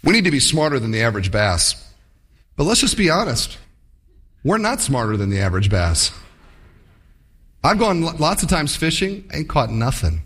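A man preaching a sermon with animated storytelling, acting out voices as he tells a fishing story. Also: fairly high pitch, normal speed, pauses often, husky. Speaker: pastor.

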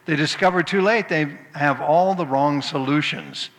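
A man's voice: fairly high pitch, normal speed, fairly bright tone, in a large hall. A man preaching a sermon, telling folksy jokes and anecdotes before turning to scripture. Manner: folksy storytelling, tells jokes then turns to scripture.

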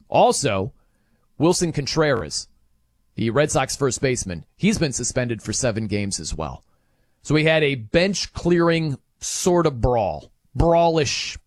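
A man hosting casual sports commentary, animated and wry, acting out quotes in little voices. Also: on the high side, no echo, clean studio sound. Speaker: sports talk host.

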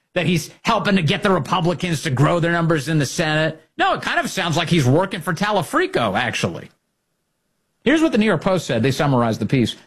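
A man's voice: on the high side, breathy edge. A man giving sarcastic, mocking political commentary as a host.

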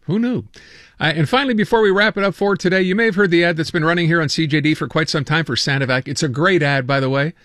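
A man's voice: a little high, fast talker, fairly bright tone, dry recording, studio quality. A man hosting a radio show, chatting casually and joking about news stories, stumbling over words now and then. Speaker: radio host. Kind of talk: casual talk radio banter.

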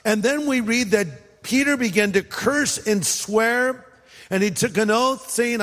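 A pastor from California preaches in a high-pitched male voice, loose and conversational, dropping playful asides between points. His voice rings out with a long reverb, as in a large church auditorium. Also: unhurried, fairly bright tone. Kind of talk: sermon.

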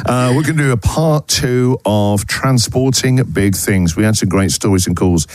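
A man's voice: fairly low pitch, normal speed, darkish tone, no echo, clean studio sound. A man hosting a breakfast radio show in casual chat, reading a listener's story aloud and laughing along. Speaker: radio host. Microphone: studio microphone.

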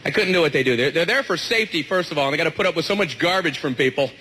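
A man's voice: a little high, animated, rapid-fire, slight background noise. A man doing a stand-up comedy set, ranting with exasperated energy. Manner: ranting, exasperated, rising to loud outbursts.

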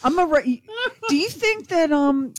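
A woman's voice: sits high, lively intonation, measured pace, no echo. A woman co-hosting a radio show, talking with enthusiastic, rambling energy. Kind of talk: morning radio banter.

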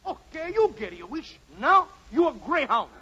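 An actor playing a brisk, matter-of-fact wish-granting magical being in a 1940s radio comedy. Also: male voice, very high-pitched, big pitch swings, very noisy. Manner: fast, chirpy, matter-of-fact. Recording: dull lo-fi old radio recording.

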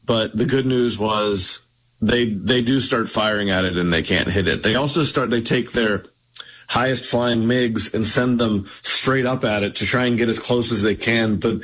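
A man's voice: fairly low pitch, moderate pace, a bit bright, rough recording. A man, an author guest on a radio interview, explaining things at length with frequent restarts.

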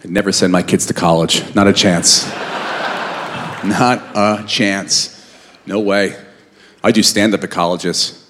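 Blunt low-voiced male comic. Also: steady tone, moderate pace, a bit bright, a little hiss or hum. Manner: blunt, emphatic, addresses the crowd. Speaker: stand-up comedian. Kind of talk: stand-up routine with crowd work. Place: live comedy venue, large hall. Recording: long hall reverb, faint ambience.

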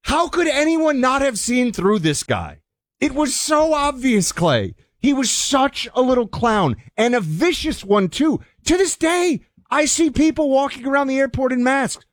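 A man co-hosting a political talk show, indignant, his voice swinging high when he gets heated. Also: very animated, a little slow, no echo, clean studio sound. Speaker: radio co-host.

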